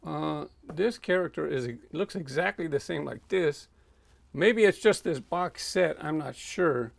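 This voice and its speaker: A toy car collector vlogger with a slightly high, gravelly voice wanders his home warehouse in a casual walk-through vlog, thinking aloud with frequent pauses and fillers. Animated and a little short of breath, he rambles from shelf to shelf, with no room sound.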